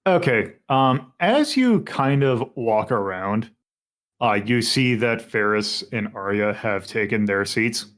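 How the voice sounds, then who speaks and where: A male game master narrating a tabletop game at a middle pitch. He talks in a loose, halting way and often backs up to restart his sentences. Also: lively intonation, a bit bright.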